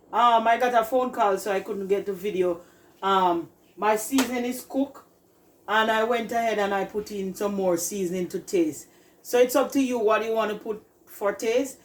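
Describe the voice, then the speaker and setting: A woman with a Jamaican accent and a mid-range voice hosts a casual cooking video from her home kitchen, and the audio quality is poor. She's chatty, calls her viewers "people," and keeps telling them to "look at that" as she shows off the food.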